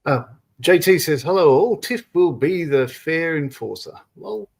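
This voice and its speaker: A man co-hosting a relaxed model-building livestream, reading viewers' comments aloud and laughing often. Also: a little high, measured pace, slightly rough. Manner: laughs often, reads chat messages aloud. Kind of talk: casual chat reading out live comments.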